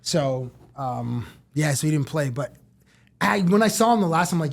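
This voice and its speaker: A middle-aged man from Canada tells stories as a podcast guest, in a fairly high voice. He slips into quick impressions of the people he talks about. His delivery is casual and lively. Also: gravelly. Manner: animated storyteller who acts out quotes. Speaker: sports TV personality, guest. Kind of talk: casual interview storytelling.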